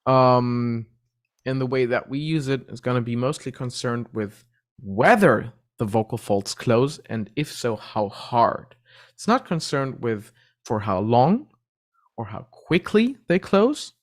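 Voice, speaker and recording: A male vocal coach talks through singing terms in a relaxed, patient way. His pitch moves a lot as he explains, with quick vocal demonstrations in between. The voice sits in the middle range for a man.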